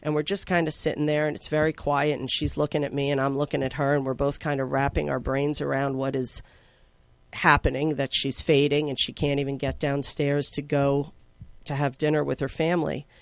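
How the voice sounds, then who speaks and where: A woman's voice: deep voice, dry recording. Emotional woman telling a heartfelt story. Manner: heartfelt, emotional, with many fillers; swings from slow and soft to loud and excited. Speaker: guest. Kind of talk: personal storytelling.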